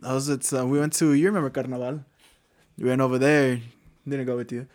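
A young man telling a story to friends, slangy and halting, often restarting his sentences. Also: medium pitch, little pitch movement, a little mellow. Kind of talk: casual storytelling.

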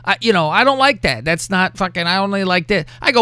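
Animated, foul-mouthed male podcast host. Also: high-pitched, fast talker, hardly any pauses, clear, resonant tone, dry recording. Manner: profane, animated, acts out quotes. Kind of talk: crude storytelling chat.

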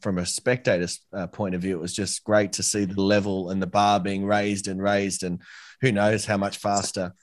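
An Australian man hosting a podcast, chatting casually and warmly with a guest, calling him mate and laughing easily. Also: sits low, little pitch movement, normal speed, dry recording, clean studio sound. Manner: friendly, says "mate" often, laughs easily. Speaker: podcast host. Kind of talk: casual interview chat.

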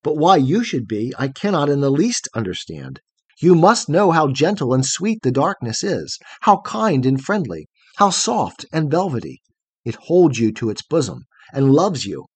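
A man voicing a gentle young girl of the night who speaks in a soothing, earnest way. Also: on the high side, very animated, moderate pace, slightly rough, no echo.

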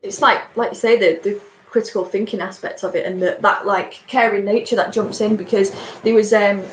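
A woman's voice: medium pitch, steady tone, fairly quick. Rambling woman in an echoey room. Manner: rambling, lots of fillers. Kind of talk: casual chat.

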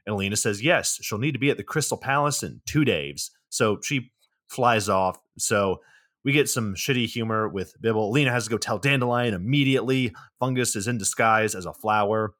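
A man's voice: fairly low pitch, brisk, fairly bright tone. A man co-hosting a podcast, giving a sarcastic, swearing recap of a movie in casual chat. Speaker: podcast co-host.

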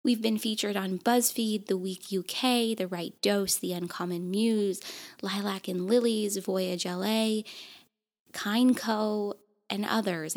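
A woman's voice: mid-range voice, steady tone, takes it slowly, darkish tone. A woman hosting her podcast, talking earnestly and emotionally, close to tears. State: tearful. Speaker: podcast host. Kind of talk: heartfelt solo podcast monologue.

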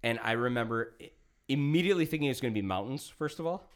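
A man's voice: medium pitch, fast. Profane storytelling man, casual podcast host. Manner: profane, animated, acts out quotes.

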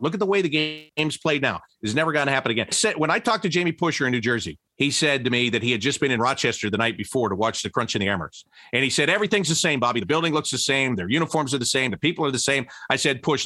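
In a casual interview, a middle-aged former broadcaster tells stories at a quick pace, restarting often, his pitch leaping upward when he gets excited. The recording is studio quality with no room sound.

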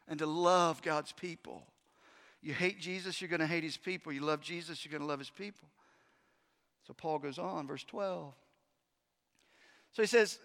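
A man preaching a sermon as pastor, emphatic, swinging between urgent loud stretches and hushed, intense ones, with conversational asides to the congregation. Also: sits high. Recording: long hall reverb.

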